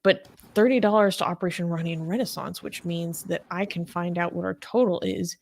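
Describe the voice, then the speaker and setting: A woman's voice: lowish voice, steady tone, a little fast. A woman co-hosting a casual livestream, chatty and laughing often, with lots of fillers. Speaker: co-host.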